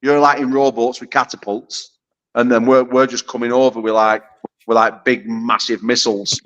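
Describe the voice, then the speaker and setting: A man's voice: mid-range voice, level tone, normal speed, fairly bright tone, lo-fi sound. A British man trash-talking in a brash, profane, casual chat as a guest on a video call. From United Kingdom. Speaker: arm wrestler guest.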